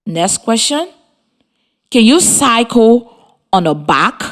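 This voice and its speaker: Over the radio, a woman from Liberia guides children through a reading lesson, slow and clear, with encouraging questions. She speaks a little high, her pitch swinging widely.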